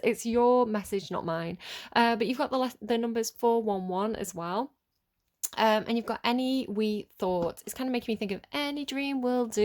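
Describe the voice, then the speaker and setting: A woman at a middle pitch hosts a relaxed tarot reading for her viewers. She talks loosely and thinks aloud, trailing off and laughing between thoughts. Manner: chatty and rambling, laughing often; thinks aloud with many fillers. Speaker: tarot reader. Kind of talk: casual collective tarot reading.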